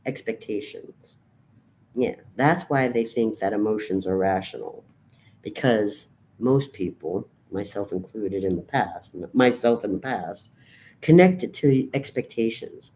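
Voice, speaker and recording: A woman's voice: extremely low pitch, animated, a little slow, mellow, slight background noise. A woman in her fifties, depressed and weary, talking in a profane, rambling, bleak monologue to her camera. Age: 50s. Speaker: vlogger.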